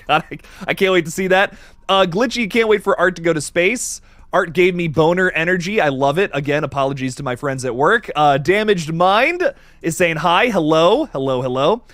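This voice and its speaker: A man hosting a live horror-movie stream, excitable, laughing often and reading viewer comments aloud. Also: fairly high pitch, moderate pace, dry recording. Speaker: livestream host.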